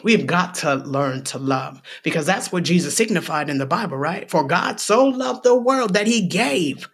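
A woman's voice: fairly low pitch, animated, normal speed, husky. A woman teaching the Bible on a podcast in a casual, emphatic way, firing rhetorical questions and tagging points with "okay?". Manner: ends points with a checking "okay?". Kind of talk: casual preaching.

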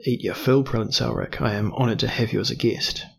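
A deliberate, probing duke who has explored much of the world, read by a man. The voice is gravelly and husky. The speech is unhurried and courteous. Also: mid-range voice, steady tone. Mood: genial. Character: curious, cunning male explorer duke. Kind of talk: audiobook character reading.

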